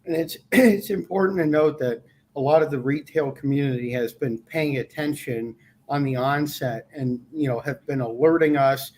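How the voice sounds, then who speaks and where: A man from an association discussing plans on a live webcast in a measured way, with many "you know" and "um" fillers. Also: fairly high pitch, darkish tone. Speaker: association staffer.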